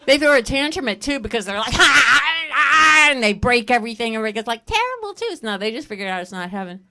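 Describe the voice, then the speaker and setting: A middle-aged woman doing a stand-up comedy set on a stage, telling animated stories and breaking into laughter. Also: fairly high pitch, fast, clean tone. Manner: animated storytelling with bursts of laughter. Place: comedy stage at a live fundraiser.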